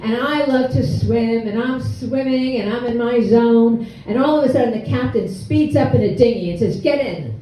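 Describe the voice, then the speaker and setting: A woman's voice: fairly high pitch, normal speed, few pauses, warm tone, a little hiss or hum. A woman in her sixties telling a humorous, self-deprecating story at a live storytelling event. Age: 60s. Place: hall with an audience. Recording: echoey room, mic from far off.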